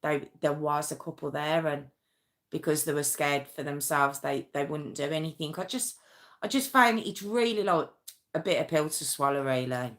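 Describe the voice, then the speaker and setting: A woman hosting her own channel, retelling a true-crime story in a casual, emotional and halting way, with many restarts and pauses. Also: low-pitched, fairly bright tone.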